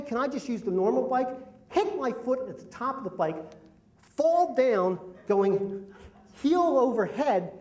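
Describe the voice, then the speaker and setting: A middle-aged man telling a self-deprecating, complaining comic story at a live story slam. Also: high-pitched. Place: live event venue. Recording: roomy hall, mic at a distance.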